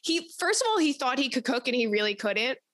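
A young adult woman hosting an advice podcast, talking in a casual, rambling way, cursing often and telling animated stories. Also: sits high, a little fast, dry recording. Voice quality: animated, profane, rambling storyteller. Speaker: podcast host.

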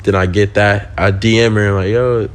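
A man's voice: on the low side, steady tone, moderate pace. Slangy young man telling a story. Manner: slangy, swearing, laughs while telling stories. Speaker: podcast guest. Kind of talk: casual storytelling.

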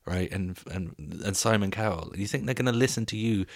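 A young man hosting a podcast, telling stories in a casual, animated, comedic way, swearing and laughing as he goes. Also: fairly low pitch, brisk, dry recording, studio quality. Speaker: podcast host.

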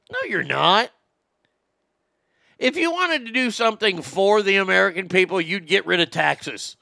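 Man, talk show host, blunt profane ranting, bright forceful tone, slightly high pitch. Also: expressive, moderate pace, gravelly, no room sound, clean studio sound. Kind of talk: casual opinionated talk show.

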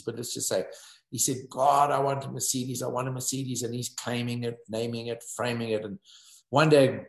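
A man preaching a sermon as pastor, telling stories in an emphatic, animated way. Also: mid-range voice, reverberant. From South Africa.

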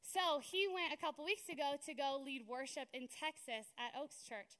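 A woman's voice: high voice, animated, normal speed, fairly bright tone. A young woman preaching a sermon in a conversational, storytelling way, often checking in with "right?".

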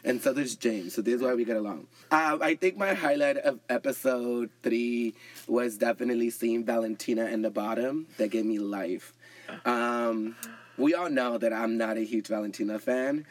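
A man's voice: mid-range voice, normal speed, no echo. A man hosting a podcast, chatting and gossiping casually with lots of "like" fillers. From grew up speaking another language. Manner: chatty, gossipy, uses "like" often. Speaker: podcast host. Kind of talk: casual chat.

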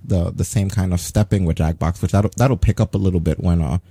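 A man co-hosting a casual wrestling news stream, chatty and relaxed, laughing often. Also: sits low, fairly quick, breathy edge, dry recording. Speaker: stream co-host.

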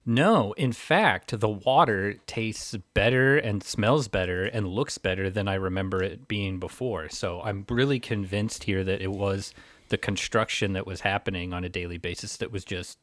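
A man co-hosting a podcast in casual chat, joking dryly and often pausing on filler words. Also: lowish voice, no room sound. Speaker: podcast co-host.

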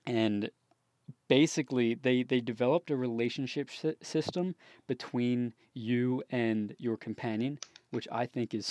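A man's voice: mid-range voice, a little mellow, no echo. A young man co-hosting a gaming podcast, talking casually and rambling, often laughing and restarting his sentences. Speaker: podcast co-host. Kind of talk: casual chat.

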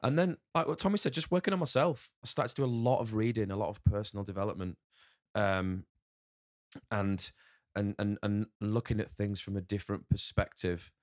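A man's voice: on the low side, a little fast, no room sound, clean studio sound. A man who runs a restaurant, talking candidly as a podcast guest and swearing casually now and then. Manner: candid, swears casually, acts out inner voices.

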